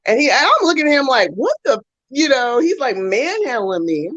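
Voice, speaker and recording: Woman co-host, chatty storyteller, animated, dry lo-fi studio sound. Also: high-pitched, moderate pace, no room sound. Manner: animated storyteller, acts out voices in quotes. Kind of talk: casual storytelling chat.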